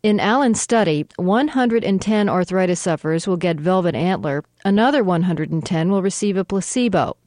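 A woman's voice: on the low side, animated, moderate pace, hardly any pauses, a little mellow, dry recording. Woman reporter, dry close studio voice. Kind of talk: scripted news report.

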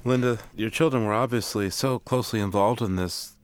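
A man interviewing guests, asking measured, probing questions. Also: medium pitch. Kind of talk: broadcast interview.

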